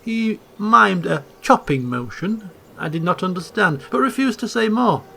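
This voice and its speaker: Animated high-voiced gamer reading aloud. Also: male voice, measured pace, vocal fry, a little hiss or hum. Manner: theatrical, chuckling, swings between hushed asides and loud exclaims. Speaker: let's play host. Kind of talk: reading game text aloud with playful commentary.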